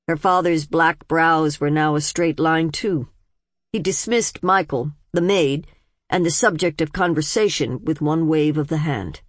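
A woman reads a novel aloud as an audiobook narrator, delivering scripted narration in an even, measured storytelling manner. Her voice is low-pitched. The studio sound is clean, with no room sound.

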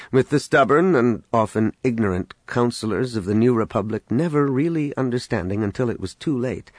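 A man reading an audiobook in a measured, dramatic narration. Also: medium pitch, no room sound, low-quality recording. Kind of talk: scripted narration.

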